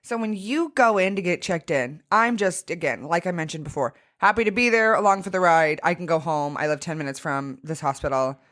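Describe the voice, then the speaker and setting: A woman co-hosting a podcast, telling lively stories in casual chat, acting out quotes and swearing. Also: fairly low pitch, fairly quick, hardly any pauses. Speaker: podcast co-host.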